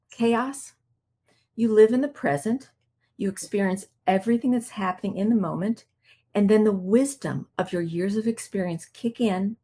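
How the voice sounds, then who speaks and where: A woman coach giving a self-help teaching talk in a calm, reflective way, acting out her own inner voice. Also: mid-range voice, husky. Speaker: marriage coach.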